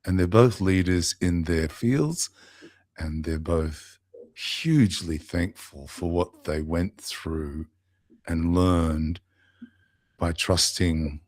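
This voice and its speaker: A man's voice: low-pitched, slow pace, a little mellow, no echo. A man, a podcast guest telling a heartfelt story, with restarts and fillers, into a close mic. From Australia.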